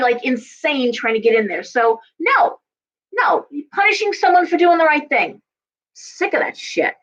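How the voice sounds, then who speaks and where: A woman's voice: high voice, a bit bright, dull audio. A middle-aged woman giving a casual live-stream tarot and astrology reading, talking bluntly to her viewers and swearing freely when fired up.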